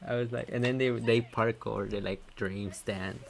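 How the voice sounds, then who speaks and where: A man's voice: lowish voice, fairly even intonation, normal speed, gravelly. A male gamer chatting casually while playing, jumpy and exclaiming with lots of laughter. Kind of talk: casual gaming chat.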